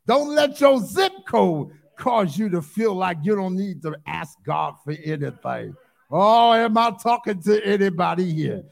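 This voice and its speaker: Male preacher, high voice, gravelly edge, emphatic call-and-response sermon, repeats phrases, sudden whoops. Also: expressive, unhurried. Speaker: pastor.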